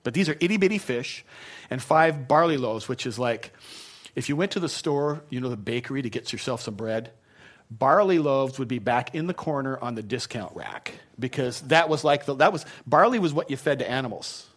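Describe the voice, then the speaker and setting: A man's voice: mid-range voice, expressive, moderate pace. A man preaching a conversational sermon as pastor, chatty and self-deprecating, with many asides and restarts.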